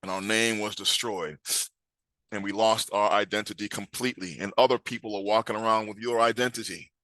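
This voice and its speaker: A man's voice: fairly low pitch, fairly even intonation, fairly quick, pushed and bright, no echo. Man, scripture teacher, emphatic, questioning, dry close sound. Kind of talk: scripture class.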